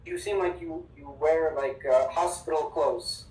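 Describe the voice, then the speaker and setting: An English teacher giving an online class, upbeat and emphatic, repeating words slowly for the students. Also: medium pitch, darkish tone. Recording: echoey room, distant mic.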